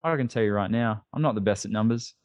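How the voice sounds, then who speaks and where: Brief: podcast guest, Australian man, emphatic and self-deprecating, lowish voice, dry close mic. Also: fast talker, a little mellow, no room sound. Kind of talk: casual interview chat.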